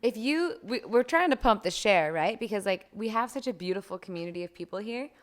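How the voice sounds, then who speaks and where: A woman's voice: medium pitch, expressive, a little fast. A woman co-hosting a music livestream, playful and encouraging. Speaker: livestream co-host. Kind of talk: casual chat.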